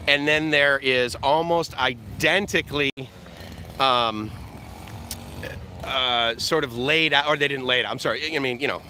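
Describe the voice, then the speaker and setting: Male vlogger, chatty and joking, very bright tone, faint traffic hum outside. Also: medium pitch, unhurried. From USA. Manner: rambling, joking, chuckling often. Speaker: vlogger, live-stream host. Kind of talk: live walk-and-talk chat. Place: outdoor seaside walkway. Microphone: camera on a selfie stick.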